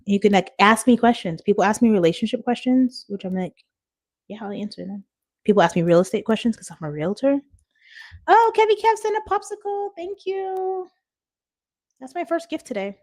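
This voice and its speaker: A woman's voice: medium pitch, expressive, quick pace, darkish tone. Chatty woman streaming live from home. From Washington State, USA. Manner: chatty, reads out viewer comments, laughs often. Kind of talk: casual live-stream chat. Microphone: phone.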